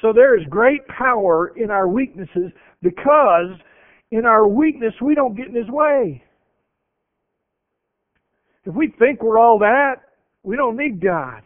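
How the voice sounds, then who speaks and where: A man preaching a sermon and retelling scripture with animated voices. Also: sits high, measured pace, pauses often, dry recording. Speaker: pastor. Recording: tinny phone-like radio broadcast.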